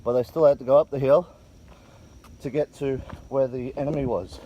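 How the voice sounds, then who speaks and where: An excited man talks while walking a hillside outdoors, his voice picked up by a handheld camera mic. He retells the scene loosely and with relish. His pitch sits in an average middle range. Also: moderate pace, dull audio. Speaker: vlogger filming the tour. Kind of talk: casual walking tour commentary.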